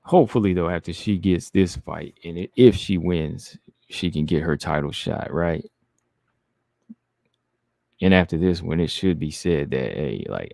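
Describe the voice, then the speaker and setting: Low mellow-voiced guy chatting on his stream, reads out chat comments, relaxed. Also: measured pace, vocal fry, dry recording, studio quality. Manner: laid-back, reads chat comments aloud and answers them. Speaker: livestream host reading chat. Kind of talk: casual livestream chat.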